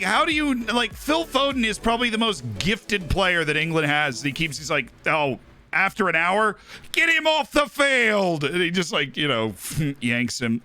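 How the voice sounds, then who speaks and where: This man's voice sits a little high and sounds pushed and bright. He's running a live stream, chatting loosely about football and constantly slipping in "right?" and "like."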